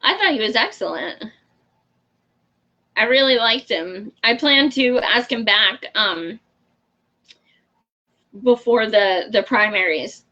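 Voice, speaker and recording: A woman hosting a casual livestream, talking frankly in a slightly high voice and laughing easily. She swears without a second thought and chats with viewers by name. The sound is dull and lo-fi. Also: animated, takes it slowly, pauses often, pushed and bright. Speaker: show host. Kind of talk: casual livestream chat answering viewer comments.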